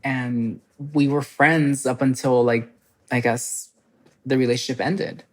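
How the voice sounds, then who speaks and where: A woman guest telling personal stories in casual podcast chat, animated and full of "like" fillers. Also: very deep voice. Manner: animated, fast storytelling with many "like" fillers.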